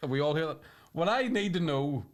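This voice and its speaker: A man's voice: fairly high pitch, animated, normal speed. A man, co-hosting a podcast and telling rambling, sweary comic stories, laughing often. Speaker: podcast co-host. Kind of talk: comedic storytelling chat.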